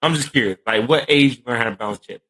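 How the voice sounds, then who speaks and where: A man's voice: medium pitch, racing, fairly bright tone, rough recording. A man hosting a podcast, casually asking his father questions in a loose, rambling way. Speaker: podcast host, the guest's son. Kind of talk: casual conversation.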